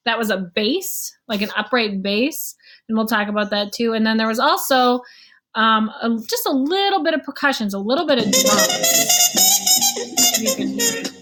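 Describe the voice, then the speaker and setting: A woman's voice: a little high, fairly bright tone. Casual woman teaching a music lesson. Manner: casual, explains with sung and counted rhythms. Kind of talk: recorded online music lesson.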